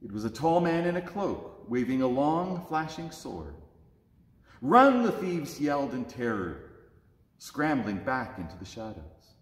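A man reading a children's story aloud at a church service, with expressive, lively delivery in an echoey church. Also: mid-range voice, unhurried. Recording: echoey church with long reverb.

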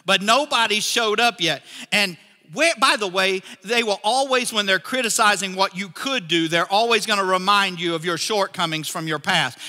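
A male pastor preaching in a church, animated as he acts out the people in his story. His voice sits high and sounds very bright and forward. The sound rings with a long hall reverb. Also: moderate pace, few pauses. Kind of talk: sermon.

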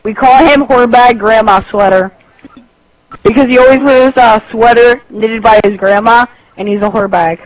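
A very high voice, light and boyish. He is a rowdy young gamer who throws out crude jokes while playing online with his friends. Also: steady tone, normal speed, no room sound, low-quality recording. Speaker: friend in the game party. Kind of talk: casual multiplayer game chat.

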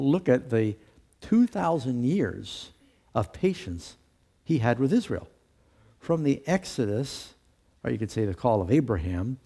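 A man's voice: mid-range voice, warm tone. A man teaching a Bible study lesson to a class, reading scripture aloud with lifted emphasis and posing questions that he then answers himself.

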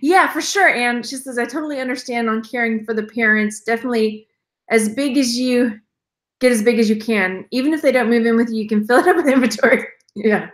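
A Texan woman in her thirties chats on a live stream, rambling from one thought to the next. She laughs often and slips into quoted voices. Her voice sits a little high and carries some room echo. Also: fairly quick. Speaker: reseller vlogger. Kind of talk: casual live-stream chat. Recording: echoey room.

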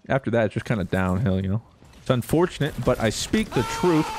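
Excitable young man with a lively voice. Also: mid-range voice, fairly quick, slight background noise. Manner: excitable, jokey, with sudden loud outbursts. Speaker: gaming YouTuber. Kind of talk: gameplay commentary.

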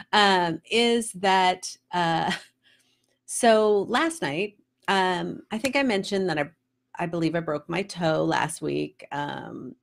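Gravelly-voiced woman telling a story. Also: fairly low pitch. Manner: chatty and animated, laughing through the story. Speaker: host. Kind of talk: casual storytelling vlog.

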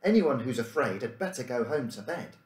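An earnest young boy hero with a worried edge, as a man reads him out. The voice is animated, and it rings a little in a roomy space. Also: mid-range voice, brisk, lightly acted. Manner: earnest, slightly anxious. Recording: roomy room echo.

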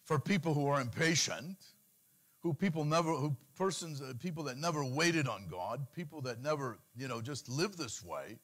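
A middle-aged man preaching a sermon, switching into pleading cries as he mimics worried believers. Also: normal speed. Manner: animated preaching, mimics anxious pleas in a higher voice. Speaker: pastor.

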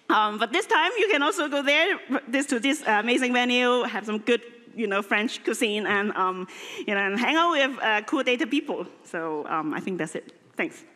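Brief: woman from Hong Kong, bright and fairly high, hesitant jokey announcement, long hall reverb. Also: animated, moderate pace. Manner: rambling, hesitant, playful. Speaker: conference speaker. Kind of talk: lightning talk announcement. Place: large conference hall.

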